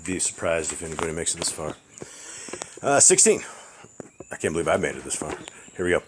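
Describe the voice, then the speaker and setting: A man proofreading scripture aloud, dictating it slowly word by word with the punctuation and spelling some names letter by letter. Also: sits low, big pitch swings, background noise. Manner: slow, deliberate read-aloud with spelled-out words and quick asides. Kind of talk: dictating a text aloud, line by line. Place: house with barking dogs nearby.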